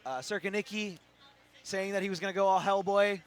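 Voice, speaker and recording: A man with a voice going hoarse, giving live commentary at a fighting game tournament and explaining things, correcting himself as he goes. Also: high-pitched, fairly even intonation, a little fast. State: hoarse, losing his voice. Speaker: esports commentator. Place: tournament venue. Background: music.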